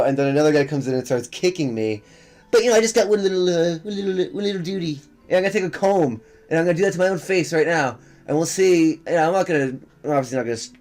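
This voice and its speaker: A man's voice: fairly high pitch, a little mellow. A young man hosting a reaction video, commenting sarcastically and swearing as he mocks what he watches. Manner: sarcastic, swearing, laughing often.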